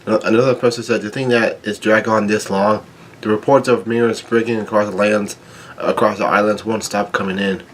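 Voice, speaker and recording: A man reading a comic chapter aloud, stumbling, restarting words and filling pauses with ums. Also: lowish voice, steady tone, slight background noise. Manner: halting, with frequent restarts and ums. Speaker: manga chapter reader.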